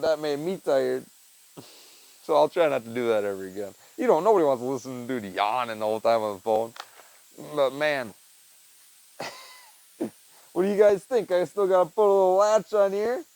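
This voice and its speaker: A man's voice: a little high, lively intonation, a little fast, darkish tone, no echo, low-quality recording. A young man vlogging casually while he works on a chicken feeder, rambling and saying "dude" and "man" a lot, on a wearable mic. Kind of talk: casual chat while working. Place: backyard with chicken coop and tool bench.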